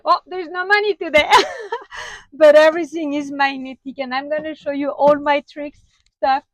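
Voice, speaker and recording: Slow-talking French-accented woman in her van. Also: on the high side, dry recording, low-quality recording. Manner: chatty, halting with frequent fillers and laughs. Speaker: vlogger. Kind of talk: casual van tour vlog. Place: inside a small van.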